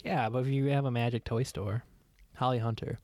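A young man hosting a casual podcast game night, chatty and relaxed, in a loose conversational way. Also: mid-range voice, brisk, dry recording. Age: young adult. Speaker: podcast host running a movie game. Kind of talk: casual chat.

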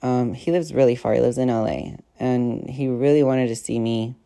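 A woman's voice: a bass voice, fairly even intonation, normal speed, creaky, warm tone. A young woman hosting a podcast, telling stories in a rambling, profane, casual way full of fillers. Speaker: podcast host. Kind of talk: casual storytelling chat.

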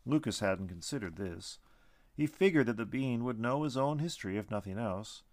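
A man narrates a storybook with an animated, expressive reading. His pitch sits mid-range for a man but moves a lot, and the recording is close and dry with no room sound. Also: normal speed, no room sound.

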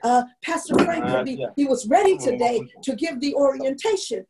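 A woman's voice: high voice, lively intonation, moderate pace, crowd noise, poor audio. A woman leading a church class in an online meeting, telling a story and earnestly exhorting her listeners.

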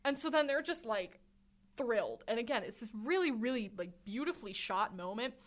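A woman's voice: a little high, animated, a little fast. A woman co-hosting a podcast, chatting casually about a film and laughing often as she retells its scenes. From Swedish. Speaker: podcast co-host.

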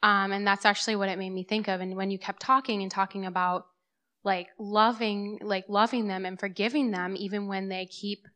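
A woman's voice: medium pitch, fairly even intonation, brisk, bright, forceful tone. A young woman, a mother, sharing a thought in a church group, hesitant and full of "like". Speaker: congregation member.

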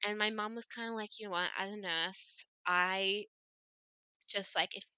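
In a dry recording, a woman speaks at a measured pace with a medium-pitched, steady, sharp voice that is clear and resonant. She's a twenty-something from Australia guesting on a podcast, casually narrating her story with lots of "like" and "I was like" quotes.

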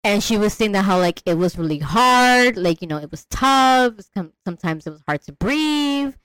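A woman talks casually and animatedly about a film, full of slang and laughing asides. She often jumps into high, sing-song voices to mimic characters. The recording is dry and close. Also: lively intonation, moderate pace, fairly bright tone, smooth, no room sound, rough recording. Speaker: podcast co-host discussing a film. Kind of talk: casual chat.

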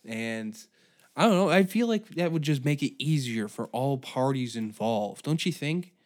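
A man's voice: mid-range voice, lively intonation, a little slow, darkish tone. Brief: young guy, comic solo rant, swearing and exasperated, mid-range voice. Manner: profane, exasperated ranting. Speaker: podcast host.

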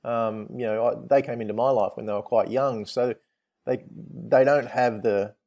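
A man's voice: mid-range voice, steady tone, normal speed, darkish tone. Reflective man in casual chat. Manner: reflective, hesitant, uses many fillers. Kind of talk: casual conversation.

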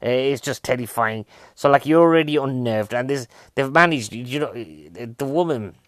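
A stand-up comedian talks through a rambling comic monologue. He keeps putting questions to his listeners and drifts off into tangents. His voice sits at an ordinary middle pitch, recorded dry and close with no room sound. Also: normal speed, a bit bright, no echo. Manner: chatty, asks the audience questions, goes off on tangents. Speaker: stand-up comedian reviewing a film.

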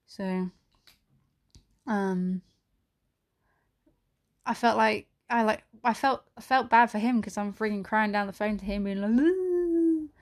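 A woman's voice: medium pitch, steady tone, unhurried, pauses often. Young woman doing a solo podcast, rambly, lots of "like", swears, a bit teary. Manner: rambling, many "like" fillers and swearing; emotional, voice near tears at times. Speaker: podcast host. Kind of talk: candid solo podcast monologue.

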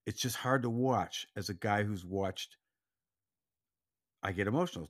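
A man co-hosting a casual sports podcast, speaking earnestly and reflectively, sometimes dropping to a quiet voice. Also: lowish voice, a little slow. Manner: earnest, reflective, drops to a soft, quiet voice when doubtful. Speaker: podcast co-host.

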